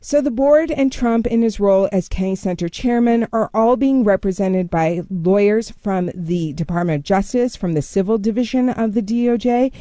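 A woman culture correspondent explaining a story in a measured, steady way during a radio news interview. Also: mid-range voice, dry recording.

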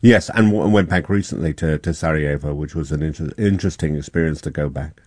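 A man, a journalist guest, speaking haltingly with restarts. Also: very deep voice, darkish tone, no room sound.

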